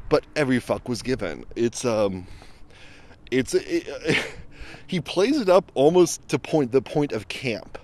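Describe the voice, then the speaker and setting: A man's voice: fairly high pitch, sing-song, normal speed, darkish tone, a little hiss or hum. A man giving a casual, rambling spoken review outdoors beside a road, full of fillers and restarts. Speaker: film reviewer. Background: passing vehicles.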